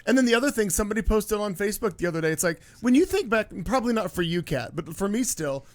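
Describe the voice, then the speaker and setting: A man in his forties co-hosts a talk show in casual chat, his voice set high for a man. He rambles through anecdotes with amused asides, and his pitch swings up and down. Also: big pitch swings, fast talker. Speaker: co-host.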